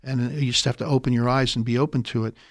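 A man co-hosting a faith reflection show, talking in a gentle, reflective way in casual chat. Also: mid-range voice, fairly even intonation, very fast, no echo, studio quality. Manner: reflective, gentle, with fillers and brief affirmations.

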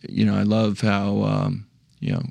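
A man's voice: on the low side, monotone, unhurried, gravelly, darkish tone, no echo. A young man talking casually and earnestly about faith, often restarting his sentences. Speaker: discussion panelist.

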